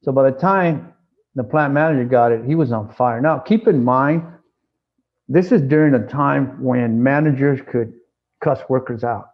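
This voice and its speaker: A man being interviewed, telling his story with animated energy and acting out the lines of others. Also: mid-range voice, normal speed, lo-fi sound. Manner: acts out dialogue, frequent restarts.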